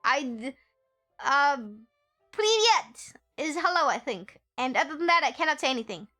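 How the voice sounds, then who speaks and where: A woman's voice: high-pitched, animated, moderate pace, pushed and bright, soft background music. Bubbly giggly young woman streamer. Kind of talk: casual live-stream chat.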